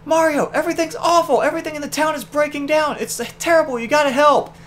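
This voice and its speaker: A man voicing a high-pitched, frantic male Toad mushroom character from a cartoonish game, shrill and exaggerated. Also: steady tone, fast talker, a bit bright, a little hiss or hum. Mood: distraught.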